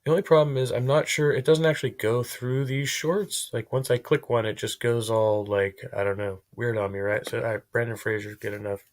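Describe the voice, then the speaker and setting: A man's voice: medium pitch, steady tone, fairly quick, few pauses. A man live-streaming, chatting casually in a rambling way and swearing freely.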